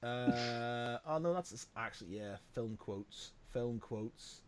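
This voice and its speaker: A man's voice: medium pitch, takes it slowly. A man co-hosting a podcast in casual chat, playful and laughing, often tripping over his words. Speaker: podcast co-host.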